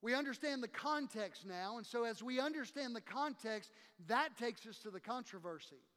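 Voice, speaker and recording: An animated pastor, his voice very high for a man, gives a sermon full of impassioned emphasis and acts out those he quotes. He keeps a moderate pace and a fairly bright tone, his words echoing through a long, reverberant church hall.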